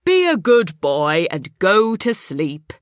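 A woman reading aloud and voicing a calm, kindly father who reassures his son. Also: on the low side, slow pace, no room sound, clean studio sound.

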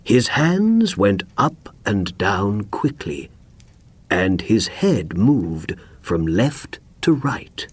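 Man, audiobook narration, slow and careful, husky, lively intonation. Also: on the low side, dry recording. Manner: slow, clear, expressive. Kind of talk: scripted narration for learners.

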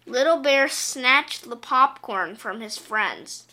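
A woman reading a children's picture book aloud in a slow, clear, gentle way. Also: high voice, animated. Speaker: storyteller.

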